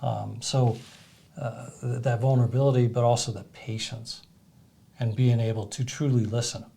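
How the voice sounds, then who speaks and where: A man's voice: medium pitch, steady tone, moderate pace, gravelly, dark tone. A man co-hosting a casual podcast, speaking in a reflective, earnest way. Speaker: podcast co-host.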